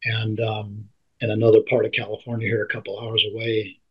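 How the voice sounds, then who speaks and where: A man being interviewed, telling a personal story in halting speech that often repeats and restarts words. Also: lowish voice, completely flat delivery, breathy edge. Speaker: interview guest. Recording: dull lo-fi recording.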